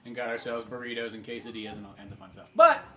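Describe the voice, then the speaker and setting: A man's voice: mid-range voice, sing-song, rapid-fire, fairly bright tone, slight background noise. A man co-hosting a casual film podcast, rambling with lots of "like" fillers and frequent laughs. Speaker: podcast co-host. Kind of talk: casual chat about films.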